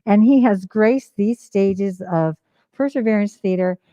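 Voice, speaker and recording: A woman's voice: medium pitch, unhurried, dark tone, dry recording, dull audio. A woman co-hosting a theatre livestream, chatting in an enthusiastic, gushing way. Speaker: livestream co-host. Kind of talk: casual chat.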